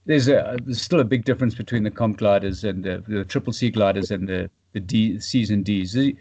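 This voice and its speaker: A man from South Africa, a paragliding pilot and podcast guest, chatting casually and trailing off into quiet fragments. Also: lowish voice, fairly quick, slightly rough.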